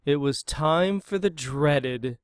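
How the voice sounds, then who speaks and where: A man reading a rhyming picture book aloud in an expressive, dramatic way. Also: a little high, slow pace, clear, resonant tone, dry recording, clean studio sound. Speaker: storyteller.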